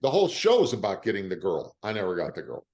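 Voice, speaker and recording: Older guy telling showbiz stories, lively and a bit emotional, lowish voice. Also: quick pace, slight background noise. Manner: lively storyteller, emotional at times. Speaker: interview guest, actor. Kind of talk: animated anecdotes.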